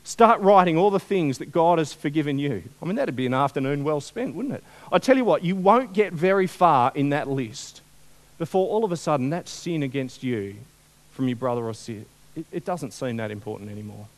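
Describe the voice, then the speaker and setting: A man preaching a sermon, conversational and animated, often asking the congregation questions. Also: fairly high pitch, fairly quick.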